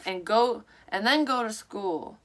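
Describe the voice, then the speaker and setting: A woman's voice: fairly high pitch, measured pace, pitched above the performer's own voice, natural voice. A woman reading the lines of a flustered male doctor from a child's story, barely changing her own voice.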